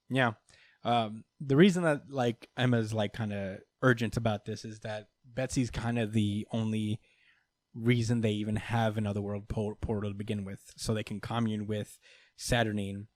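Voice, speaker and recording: A man's voice: fairly low pitch, steady tone, measured pace, a little mellow, no echo. A man hosting a podcast, recapping comic books in a loose, chatty way, swearing freely and laughing between lines. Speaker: podcast host. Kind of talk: casual comic book recap.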